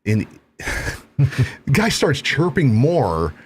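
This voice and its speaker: A man hosting a talk show, telling a bar story in casual, profane, animated speech. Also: medium pitch, extremely slow, a little hiss or hum.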